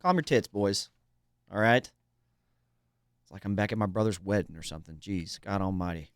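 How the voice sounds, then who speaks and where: A man's voice: on the low side, moderate pace, natural voice. A man doing a folksy small-town sports radio host. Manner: folksy, blustering, calls people partner and buddy.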